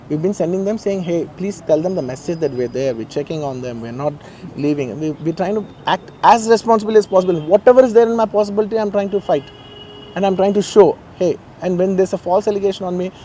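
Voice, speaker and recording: A man with an Indian English accent speaks quickly and earnestly in a press statement, repeating phrases to press his point. His voice sits a little high but sounds mellow and warm. Faint outdoor traffic hums behind him in a garden. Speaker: film actor giving a press statement.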